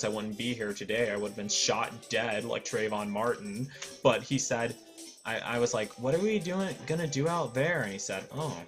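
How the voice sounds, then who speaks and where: Rambling, profane young man. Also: on the low side. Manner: rambling and profane, with many fillers and self-corrections. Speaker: gaming video creator. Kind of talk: casual storytelling over gameplay.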